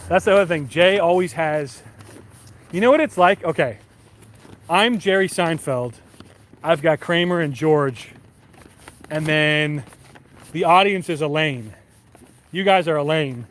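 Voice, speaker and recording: Young male streamer, slightly high voice, rambling profane chat on a night walk, faint traffic behind. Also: measured pace, long pauses, fairly bright tone. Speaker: live streamer. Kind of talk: casual chat to stream viewers. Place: city street at night, outdoors.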